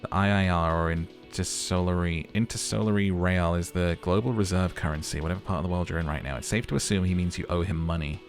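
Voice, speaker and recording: A man narrating and voicing a game playthrough with calm storytelling. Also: low voice, quick pace, hardly any pauses, soft background music.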